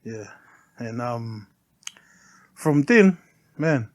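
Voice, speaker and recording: A middle-aged man, a podcast guest telling heartfelt personal stories in a soft, unhurried way and often laughing. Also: mid-range voice, animated, no room sound. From New Zealand. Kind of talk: casual chat, personal storytelling.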